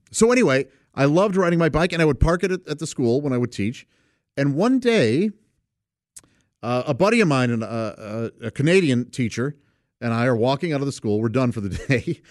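A man's voice: mid-range voice, no room sound, studio quality. A man casually telling a personal anecdote, rambling and correcting himself, and chuckling often as he goes. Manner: rambling, self-correcting delivery.

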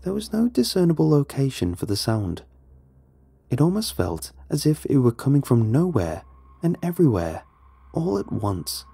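A man narrating a first-person horror story in a hushed, dramatic way. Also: mid-range voice, big pitch swings, moderate pace, gravelly, breathy edge, no echo.

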